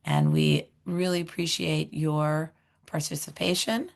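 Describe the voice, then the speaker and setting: Hoarse, gravelly low-voiced woman host. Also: little pitch movement. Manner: halting, many fillers. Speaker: seminar host, director of education. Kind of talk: webinar introduction.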